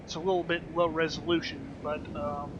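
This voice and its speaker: A man's voice: fairly high pitch, little pitch movement, normal speed, muffled recording, background noise. A man talking through a video game as he plays, chatty and wry, with lots of ums and uhs. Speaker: streamer. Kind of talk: let's play commentary.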